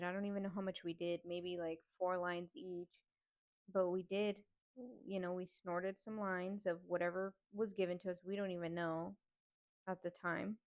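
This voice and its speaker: A woman's voice: medium pitch, dull audio. A woman hosting a podcast, telling a personal story in a candid, casual, profane way. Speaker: podcast host.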